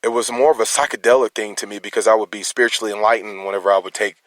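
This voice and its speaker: Rapid-fire and fairly low, with fairly even intonation, this man's voice is captured on a dry recording. He speaks as a concerned citizen in an emotional, rambling personal monologue, restarting his words as he challenges listeners.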